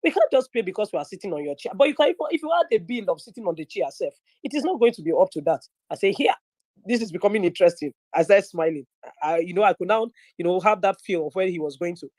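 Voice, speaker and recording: A young woman from northern Nigeria, speaking with a Nigerian English accent, tells a story as a guest in an online audio room, lively and chatty, slipping into pidgin and acting out quoted voices. Her voice is on the low side and she talks fast, heard through a phone or headset in a dry recording.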